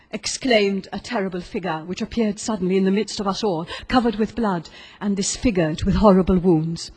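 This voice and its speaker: A woman narrating a gothic story as an audiobook reader, in a steady, expressive storytelling manner. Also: on the low side, brisk, slightly rough.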